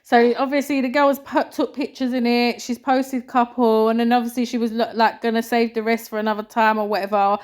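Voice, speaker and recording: A woman's voice: a little high, little pitch movement, brisk, few pauses. A woman co-hosting a podcast, telling stories in a chatty, slangy way. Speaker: podcast co-host. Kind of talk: casual chat.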